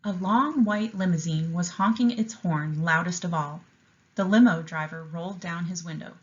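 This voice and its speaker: A woman teacher reading a picture book aloud with an expressive, enthusiastic delivery and explaining a writing lesson to young students. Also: fairly low pitch, moderate pace, muffled recording.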